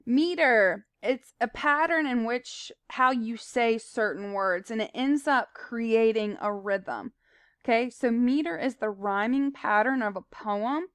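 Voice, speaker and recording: Woman, teacher, recorded lesson, fairly high voice, smooth, plain explaining with fillers. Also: takes it slowly, no room sound.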